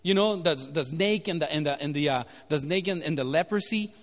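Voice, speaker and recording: A man's voice: on the high side, fairly quick. A man preaching a sermon, telling a Bible story and quizzing his listeners. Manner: animated, asks the audience questions. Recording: echoey hall.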